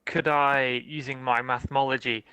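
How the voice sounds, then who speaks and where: A man takes his turn in a tabletop role-playing game, asking careful, tentative questions. His voice is bright and pointed, recorded dry and close. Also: mid-range voice, fairly even intonation, normal speed, clean tone, no echo, low-quality recording. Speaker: player.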